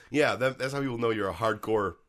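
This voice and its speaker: A man in casual comedic chat, playful and quick to laugh. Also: mid-range voice, a bit bright. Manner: laughs often, playful and jokey.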